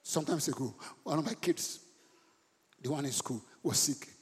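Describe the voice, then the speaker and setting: Male pastor, passionate sermon, raised voice, husky, live in an echoey church hall. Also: fairly high pitch, moderate pace. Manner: impassioned preaching, rising to shouts.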